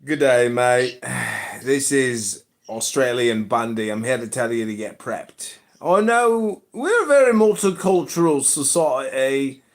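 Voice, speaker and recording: A man voicing a gruff, weary Australian man delivering a mock public-service ad. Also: very animated, a little slow, fairly bright tone, heavily acted. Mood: mock-serious. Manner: low, sighing, mock-serious pitch.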